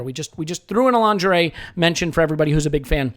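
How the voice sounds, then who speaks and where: A man's voice: fairly high pitch, expressive, fast. A man hosting a live sports podcast, jokey and rambling. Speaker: podcast host.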